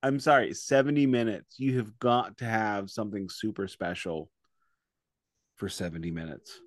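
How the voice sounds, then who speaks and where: A man from the United States tells a story in animated, casual podcast chat, sounding fed up with how things went. His voice sits in the middle range and the recording is dry and close, with no room around it. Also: lowish voice, normal speed, no room sound. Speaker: podcast co-host.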